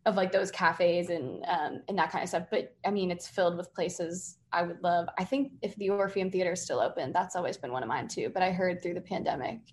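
A young woman from the Boston area, a singer-songwriter, talking casually in an interview with many fillers and lively quoted asides. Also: on the low side, a little fast, few pauses, slight background noise. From Massachusetts, near Boston. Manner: chatty, many fillers, animated quoting.

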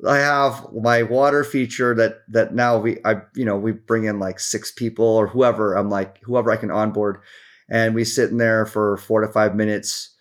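A man's voice: lowish voice, moderate pace. A man as a podcast guest in casual chat, rambling through stories with restarts and fillers and acting out what people said. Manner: animated storyteller, acts out quotes.

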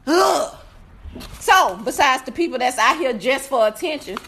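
High, lively, loud-mouthed woman ranting. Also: moderate pace, slight background noise. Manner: loud, profane, animated, often shouting; laughs through her complaints. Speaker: food reviewer on a live video. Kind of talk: casual ranting review.

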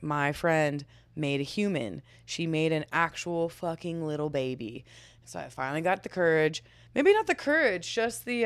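A woman in her twenties hosts her own podcast, talking on her own in a loose, confessional way, laughing often and swearing freely. Her voice sits a little low and comes across smooth and clear. The sound is dry and close, with no room in it. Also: no room sound. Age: 20s. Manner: candid, chatty, laughs often, swears casually. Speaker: podcast host. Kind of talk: casual solo podcast storytelling.

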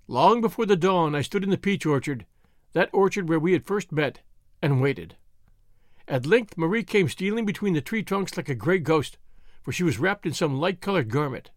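A man narrating an audiobook in a measured, storytelling manner, recorded close to the mic. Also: on the high side, no room sound. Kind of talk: audiobook reading.

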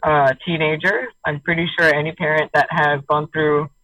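A woman's voice: low-pitched, little pitch movement, moderate pace, a bit bright, dry recording, low-quality recording. A young woman telling her personal story as a radio interview guest, thoughtful and hesitant, with many fillers and light laughs. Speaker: interview guest, single mother.

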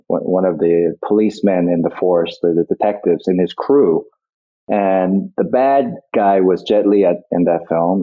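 A middle-aged man, a guest actor, reminiscing in a casual interview, rambling and reflective with many restarts. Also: low voice. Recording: tinny phone-like line.

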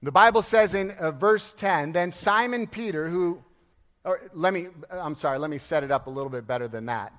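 A male pastor preaching a sermon in a lively, storytelling way, laughing and acting out the people he quotes. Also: on the high side, normal speed. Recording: long hall reverb.

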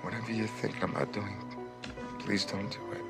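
A man's voice: on the low side, fairly even intonation, a little fast, creaky. An actor playing an injured male captive who pleads desperately with his captor. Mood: pleading. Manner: pleading, rising to a shout. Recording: film clip over loud music.

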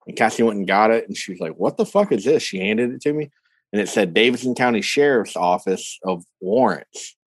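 A man's voice: lowish voice, brisk, no room sound. A man telling a story in a casual podcast chat, laughing often and swearing freely as he acts out his own reactions. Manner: laughing, animated retelling, profane. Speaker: podcast co-host.

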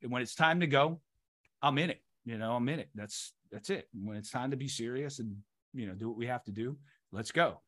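Emphatic man with a bright voice. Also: mid-range voice, brisk. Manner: animated, emphatic storyteller. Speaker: actor guest. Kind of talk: casual interview chat.

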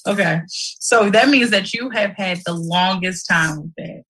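Woman, livestream host, bright husky voice, animated and emotional, prone to shouting. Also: medium pitch, measured pace, low-quality recording. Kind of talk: casual livestream chat.

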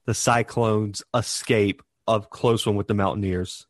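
A man co-hosting a sports podcast, chatting casually in an animated, teasing way and laughing often. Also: on the low side, measured pace, no room sound. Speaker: podcast co-host.

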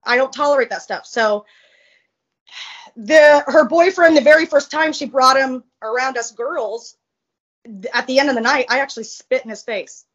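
In a casual interview, a guest with a high, fairly bright voice tells a personal story at a moderate pace. She is blunt, profane and very animated, and the recording sounds a little muffled.

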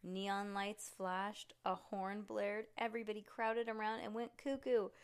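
A woman reading a picture book aloud to a child at home, relaxed and chatty with small slips. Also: medium pitch, measured pace, clean tone.

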